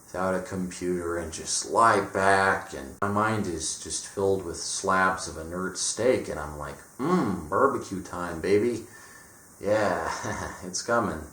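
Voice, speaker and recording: A man's voice: deep voice, fairly bright tone, slight background noise. A young man in a casual, profane monologue, blunt and mocking, often slipping into sarcastic quoted voices. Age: young adult. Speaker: vlogger. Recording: echoey room.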